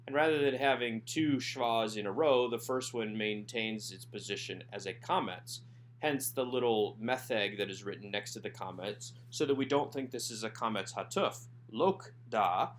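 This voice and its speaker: A man's voice: fairly low pitch, a little hiss or hum. Methodical male Hebrew grammar teacher. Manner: methodical, slows down to sound out Hebrew words. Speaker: Hebrew instructor. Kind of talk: recorded workbook lesson.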